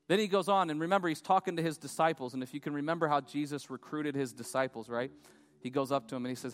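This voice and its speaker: A man's voice: a little high, fast talker. Preaching man in a reverberant church hall. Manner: animated preaching, swings between loud urgent and hushed. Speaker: pastor. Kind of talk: sermon. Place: church auditorium.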